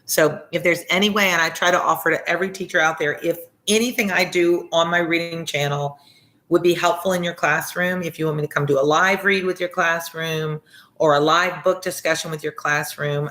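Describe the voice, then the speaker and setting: A woman's voice: deep voice, steady tone, moderate pace, a bit bright. A woman with a Southern accent, a former teacher hosting a reading channel, chatting casually and sincerely with viewers and answering their comments. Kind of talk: casual livestream chat with viewers.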